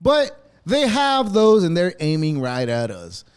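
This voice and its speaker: A man's voice: sits high, wildly swooping pitch, unhurried, clean tone. A man hosting a podcast, delivering a rambling, sarcastic rant full of swearing. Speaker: podcast host. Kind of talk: profane ranting monologue.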